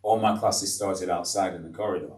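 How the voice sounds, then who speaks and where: A man's voice: sits low, a little fast. An older man, a former teacher, telling stories. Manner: animated storyteller, acts out scenes. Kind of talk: storytelling interview. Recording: roomy, distant mic.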